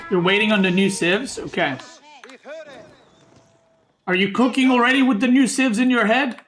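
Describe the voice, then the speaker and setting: Streamer, male, high voice, banter-heavy casting with keyboard clacks behind. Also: steady tone, normal speed, a bit bright. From Serbia. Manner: joking, bickering with chat, swears. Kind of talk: casual stream commentary.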